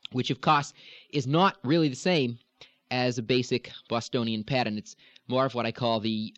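A man's voice: mid-range voice, no echo. Man teaching accents, dull dry recording. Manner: measured and explanatory, drawn-out demonstration sounds. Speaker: dialect coach. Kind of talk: instructional lecture.

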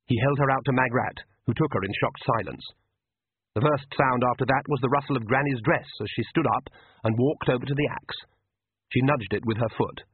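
A man narrating an audiobook in an expressive, measured way. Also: medium pitch, slightly rough. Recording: tinny phone-like, dry audio.

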